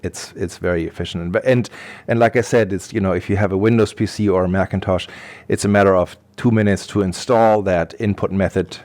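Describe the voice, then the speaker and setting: A man's voice: deep voice, fairly even intonation, a little fast, darkish tone. A middle-aged man, a guest on an interview podcast, explaining things patiently and thinking aloud as he goes. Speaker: guest expert.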